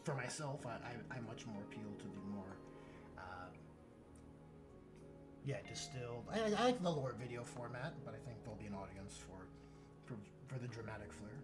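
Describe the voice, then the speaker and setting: A man hosting a relaxed hobby stream, chatting in an easygoing way and often restarting his sentences. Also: medium pitch, normal speed, over music. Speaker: streamer host. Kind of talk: casual chat.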